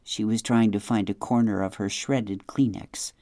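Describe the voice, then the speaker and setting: Woman narrator for an audiobook: low-pitched, unhurried, dry close recording. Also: fairly even intonation, dark tone, no room sound. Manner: measured, unhurried.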